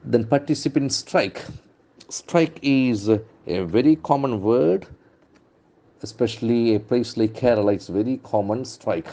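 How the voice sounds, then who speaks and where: A man's voice: mid-range voice, a little slow, mellow. A man teaching English vocabulary from the newspaper, repeating words and stressing their syllables. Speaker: English trainer.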